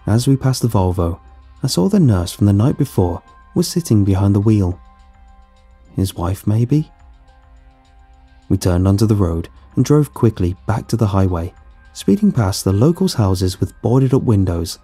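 A man tells a first-person horror story in a steady, tense way. His voice is low, very dark and slightly husky, with soft music underneath. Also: unhurried. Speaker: narrator.

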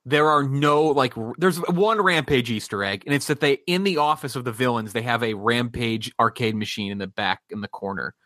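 Casting: man, mid-pitch, rambling and hesitant, casual swearing, dry close sound. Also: moderate pace, few pauses, bright, forceful tone, no echo. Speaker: podcast co-host. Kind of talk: casual movie chat.

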